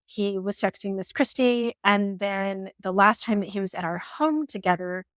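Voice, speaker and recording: A woman in her forties telling a personal story on her vlog in an animated, emotional way, laughing now and then. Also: medium pitch, normal speed, dry recording, clean studio sound. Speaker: vlogger.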